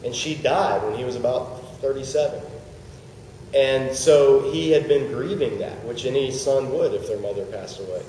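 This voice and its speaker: A man's voice: mid-range voice, normal speed, warm tone, a little hiss or hum. A man teaching a casual Bible study to a group, conversational, with joking asides and questions for the class. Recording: roomy distant recording with long reverb.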